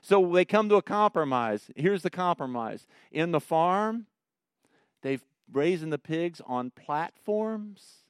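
A man's voice: a little high, takes it slowly, smooth, no room sound, clean studio sound. A man teaching a Bible study in a folksy, joking way, telling stories between verses. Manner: folksy storytelling with lively jokes. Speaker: pastor leading a Bible study.

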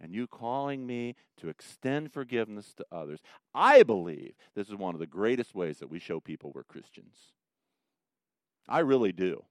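A middle-aged male pastor giving a conversational sermon, swinging from loud emphatic bursts down to soft, quiet asides. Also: medium pitch, dry recording, clean studio sound.

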